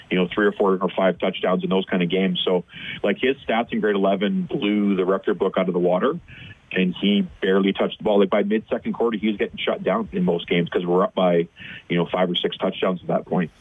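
Low, husky man on a phone line. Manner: conversational, many fillers and restarts. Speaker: high school football coach, guest. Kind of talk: phone-in radio interview. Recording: tinny phone line on radio.

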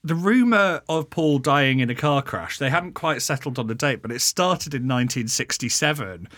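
A man with a bright, forward tone walks through a tale in relaxed conversation. He hedges with fillers and chuckles along the way. The recording is close and dry. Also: mid-range voice, normal speed, no room sound. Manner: amused, laughs often, hesitant fillers. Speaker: podcast co-host presenting a topic. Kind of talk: casual conversational storytelling.

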